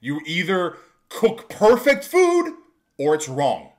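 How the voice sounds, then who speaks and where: A man's voice: high-pitched, huge pitch swings, takes it slowly, heavily acted. A man voicing his bossy male workplace director, curt and dismissive.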